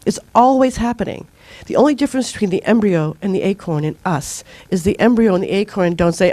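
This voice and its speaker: A woman's voice: medium pitch, brisk, no echo. A middle-aged woman leading a spiritual group, talking earnestly and informally, acting out her own outbursts as she tells stories. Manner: earnest, animated storytelling with acted-out outbursts.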